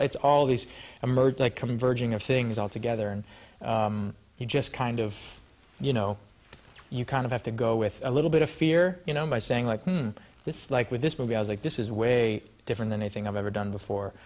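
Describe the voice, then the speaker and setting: A man, an actor guest on a talk show, telling stories in an animated, joking, self-mocking way. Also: mid-range voice. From United States.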